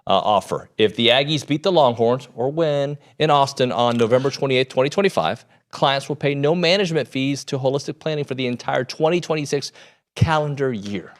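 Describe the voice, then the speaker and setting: Animated joking sports radio host, man. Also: mid-range voice, fairly quick. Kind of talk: casual sports talk and live reads.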